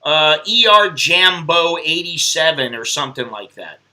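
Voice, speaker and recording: A man's voice: on the high side, unhurried, sharp tone. A man hosting a live stream, rambling bluntly and swearing at viewers in casual chat. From United States.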